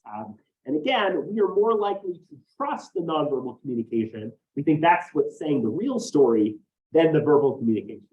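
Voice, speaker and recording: Lively, fairly high-voiced male instructor. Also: brisk, highs cut off. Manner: explanatory, often tags sentences with "right?". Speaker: college instructor. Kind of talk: classroom lecture.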